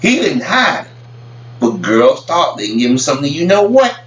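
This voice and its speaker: A man's voice: on the high side, sing-song, moderate pace, a bit bright. A man ranting casually to camera in a rambling way, often stammering and repeating words. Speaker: vlogger commenting on celebrity news. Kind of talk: casual opinion rant. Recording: roomy, distant, dull lo-fi with faint hum.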